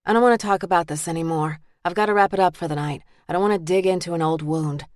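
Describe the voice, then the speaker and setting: A woman's voice: fairly low pitch, darkish tone, no room sound, clean studio sound, close to an everyday voice. A woman doing a hurt, defensive young woman. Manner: raw, guarded, quick to anger.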